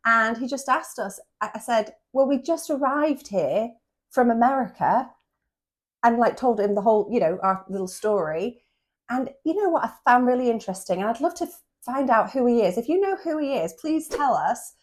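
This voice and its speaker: A middle-aged English woman from England, chatting excitedly and fast as a podcast co-host. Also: a little high. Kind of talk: casual chat.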